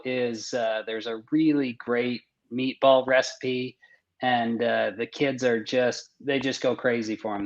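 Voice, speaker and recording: A man's voice: medium pitch, lo-fi sound. A man chatting casually as a podcast guest, explaining things in an easygoing way.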